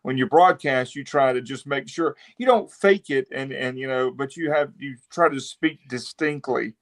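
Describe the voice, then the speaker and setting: An easygoing male co-host in casual sports chat. He explains calmly at a middle pitch. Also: moderate pace.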